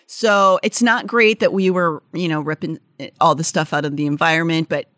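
Woman, young adult, Pittsburgh accent, lowish voice, chatty podcast co-host, dry close sound. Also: steady tone, moderate pace, fairly bright tone, no echo. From Pittsburgh area, United States. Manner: chatty, many "like"s and restarts. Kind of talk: casual chat mixed with read-out facts.

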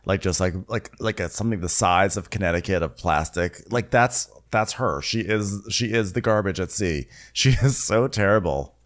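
A man co-hosts a casual comedy recap podcast. His voice sits on the low side, and he riffs in sarcastic asides, sometimes slipping into silly put-on voices for the people he mocks. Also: moderate pace, few pauses. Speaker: podcast co-host recapping a reality show.

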